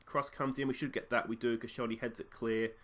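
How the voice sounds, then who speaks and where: A man's voice: medium pitch, a little fast. A man casually commentating on his football management game as host, musing and reacting to the action. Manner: chatty, musing, bursts of excitement. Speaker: let's play host.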